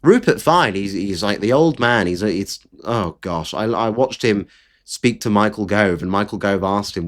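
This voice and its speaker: Guy doing political commentary, swears a lot, pitch jumps all over when he rants. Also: expressive, normal speed. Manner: blunt, profane, exasperated ranting.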